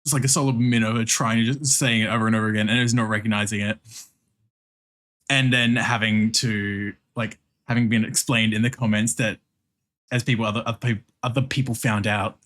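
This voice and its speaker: A man's voice: lowish voice, fairly even intonation, fairly quick, fairly bright tone. Brief: man, art streamer, loose rambling chatter with fillers and little laughs, drawing while he talks. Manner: rambling, reacts to chat and background music.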